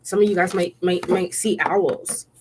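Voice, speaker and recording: Woman, lowish voice, casual tarot reader, chatty and repetitive, laughs often, faint background hiss. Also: fairly even intonation, measured pace. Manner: chatty and repetitive, often checking in with "okay?" and "right?"; laughs often while speaking. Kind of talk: casual spiritual tarot reading.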